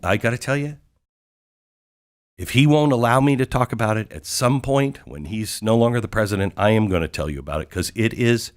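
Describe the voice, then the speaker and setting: Man, talk show host, somewhat low voice, excitable, emphatic, rhetorical questions, studio monologue. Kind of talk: monologue recounting a visit.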